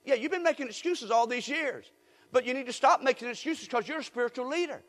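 A male pastor preaching a sermon in a church, with call-and-response and rising shouts. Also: extremely high pitch, fast talker, in a large hall. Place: church sanctuary.

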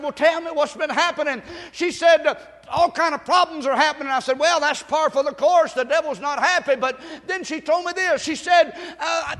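A man preaching as a pastor, swinging from shouted exhortation to soft, hushed storytelling. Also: extremely high pitch, fairly quick, hardly any pauses. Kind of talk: sermon. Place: church sanctuary. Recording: long reverb of a large hall.

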